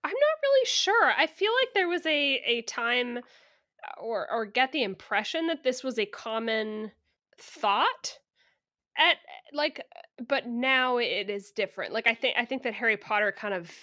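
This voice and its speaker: A woman's voice: on the high side, animated, a little slow, pushed and bright, no echo. A woman co-hosting a podcast in casual chat, thoughtful and hesitant with dry humor. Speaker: podcast co-host.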